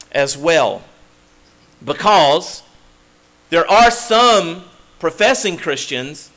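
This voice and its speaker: Forceful preacher. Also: male voice, fairly high pitch. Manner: emphatic, swinging from loud declarations to hushed tones. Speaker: pastor. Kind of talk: sermon.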